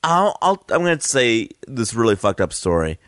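Rambling, animated podcast host. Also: male voice, medium pitch, normal speed, no echo, clean studio sound. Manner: rambling storyteller, laughs mid-sentence, lots of fillers. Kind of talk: casual chat.

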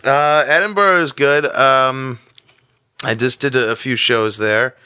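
A man who is a guest comedian, chatting casually on a podcast and giving blunt opinions like an animated storyteller. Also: mid-range voice, a little slow, clear, resonant tone, dry recording.

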